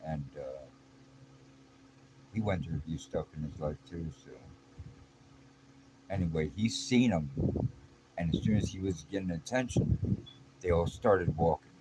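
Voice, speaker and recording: A man's voice: deep voice, a little slow, pauses often. A middle-aged man telling a personal story in a blunt, streetwise, casual way, full of slang and restarts. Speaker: vlogger. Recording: clear background noise.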